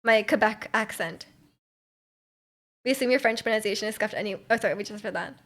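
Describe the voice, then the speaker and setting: A woman's voice: mid-range voice, fairly quick, fairly bright tone. A young woman from Canada, streaming and chatting casually while reading viewer messages, rambling with lots of fillers and giggly asides.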